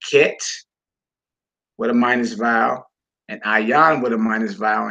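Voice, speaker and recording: A man's voice: mid-range voice, creaky, sharp tone, husky, highs cut off. A man teaching a class from a Hebrew textbook, reading passages aloud and explaining them with casual, folksy asides to the listeners.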